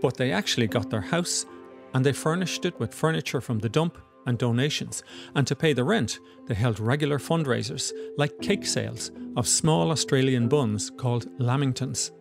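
Male narrator, gravelly, scripted documentary read, soft music behind. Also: medium pitch, normal speed.

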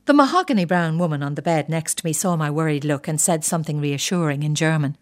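An older woman reads her own story aloud in a measured, wry manner. Her voice sits somewhat low. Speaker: narrator. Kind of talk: reading a personal story.

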